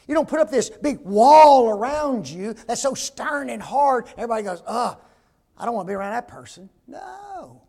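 Older male preacher, very high pitch with a gravelly edge, folksy sermon delivery, peppers the talk with rhetorical questions. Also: a little mellow.

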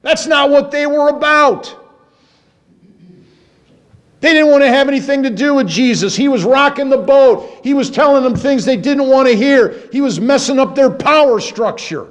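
A man preaching a sermon, moving from low, musing passages to raised, emphatic ones. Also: normal speed. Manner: dramatic, swings between low musing and high emphatic preaching.

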